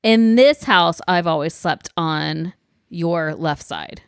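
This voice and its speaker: A woman's voice: lowish voice, clear, resonant tone, dry recording, studio quality. A woman in her thirties with an American accent, co-hosting a casual podcast with her husband, teasing him and airing mild complaints. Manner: teasing, quick to vent mild annoyance. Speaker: podcast co-host. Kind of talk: casual chat.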